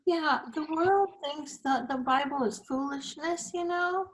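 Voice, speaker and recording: High-voiced woman in her sixties, earnest. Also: unhurried. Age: 60s. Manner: earnest, animated storytelling with repeated words. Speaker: show host. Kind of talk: faith talk interview.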